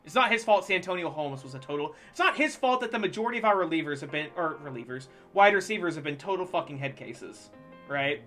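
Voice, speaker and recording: Animated, profane sports-ranting streamer. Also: medium pitch, fast talker, soft background music. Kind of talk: casual rant while live-streaming a game.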